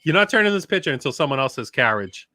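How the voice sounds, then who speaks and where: A man's voice: medium pitch, very animated, quick pace, sharp tone. A man hosting a casual livestream chat on a video call, talking animatedly and laughing often. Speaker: host.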